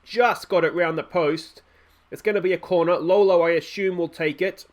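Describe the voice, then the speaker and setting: A man's voice: high-pitched, steady tone, moderate pace. Chatty man calling a football game. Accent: Australian. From Australia. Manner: chatty, self-mocking, calls play like a commentator. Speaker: gaming YouTuber. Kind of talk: let's play commentary.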